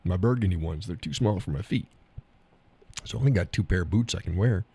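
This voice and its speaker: A man's voice: sits low, a little fast, vocal fry, dark tone, breathy edge. A man hosting a live stream, chatting casually about viewer comments, rambling, repeating himself and chuckling often.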